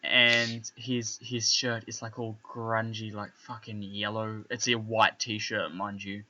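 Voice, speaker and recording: A young man telling a story in casual podcast chat, animated and full of swearing, asking "right?" as he goes. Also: fairly low pitch, slow, dull audio, slight background noise. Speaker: podcast co-host.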